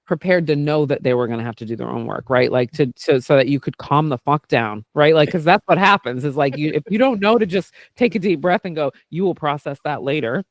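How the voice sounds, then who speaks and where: Candid, animated man with a higher voice. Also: a little fast, hardly any pauses, no echo, studio quality. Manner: candid and animated, swears freely, peppers talk with "like" and "right?". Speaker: podcast host and therapist doing intuitive work. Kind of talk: casual podcast chat.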